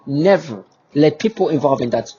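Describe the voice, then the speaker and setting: Guy ranting to camera, husky voice that jumps all over, kinda muffled lo-fi sound. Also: fairly high pitch, expressive, normal speed, mellow, a little hiss or hum. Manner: emphatic and repetitive, with many restarts and rhetorical questions. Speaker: vlogger. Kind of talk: agitated monologue to camera.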